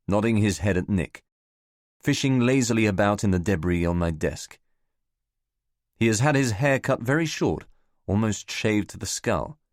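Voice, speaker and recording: Lively male audiobook narrator. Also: fairly low pitch, no room sound, studio quality. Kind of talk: first-person scripted narration.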